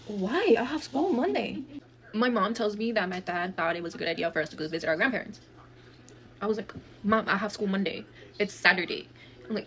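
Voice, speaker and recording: A young woman from Texas telling a wild family story in a fast, profane, animated way, acting out the dialogue. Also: mid-range voice. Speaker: guest storyteller. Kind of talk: casual storytelling.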